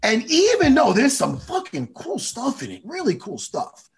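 A man co-hosting a casual chat show, ranting excitably and swearing a lot. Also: very high-pitched, moderate pace. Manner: animated profane ranting, excitable. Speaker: podcast co-host.

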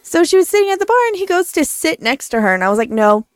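A woman co-hosting a casual podcast, telling a story in a quick, chatty way. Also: high voice, big pitch swings, dry recording, clean studio sound. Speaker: podcast co-host.

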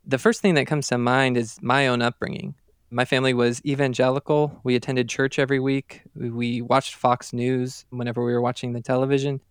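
A man's voice: mid-range voice, clean tone, no room sound, studio quality. A man appearing as a podcast guest, talking in an earnest, thoughtful way. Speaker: podcast guest, co-host of another show. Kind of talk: conversational podcast talk.

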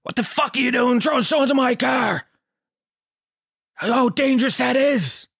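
A man voicing an angry middle-aged dad who yells and swears at a group of boys. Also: very high voice, measured pace, creaky, breathy edge, no room sound, studio quality, pitched above the performer's own voice, full character voice. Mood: furious. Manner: bellowing, profane.

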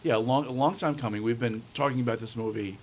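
A man joins a casual podcast chat, restarting his sentences as he finds his words. His voice sits at a middle pitch, with a little faint noise behind it. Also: a little mellow. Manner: halting, stumbling start to replies. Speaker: podcast co-host.

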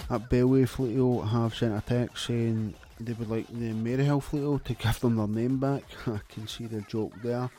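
A Scottish man hosting a radio show, reading listener texts in deadpan, sweary comic patter. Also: mid-range voice, moderate pace, few pauses.

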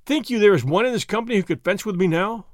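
A man voicing a bold masked highwayman who speaks in a lofty, commanding, scornful way in a storybook reading. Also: quick pace, no echo, studio quality, close to an everyday voice.

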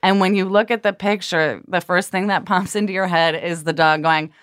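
Woman podcast co-host, chatty rambler, lowish pitch, dry close sound. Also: steady tone, normal speed, fairly bright tone, clean tone, dry recording. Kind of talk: casual comedic chat. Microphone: studio microphone.

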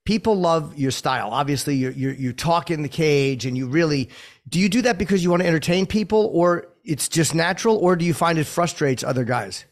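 A male host with a slightly high, everyday voice, asking questions in a casual interview. He probes his guest with curious, searching questions. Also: animated, a little fast. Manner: inquisitive, probing questions.

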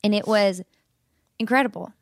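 A young woman chatting casually as a guest, animated and playful, often laughing and putting on mock voices. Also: mid-range voice, normal speed, creaky, no echo, studio quality. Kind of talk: casual chat.

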